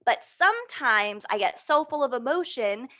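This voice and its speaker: A woman leading a children's storytime, animated and prompting her young listeners with questions. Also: a little high, moderate pace. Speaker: storytime reader.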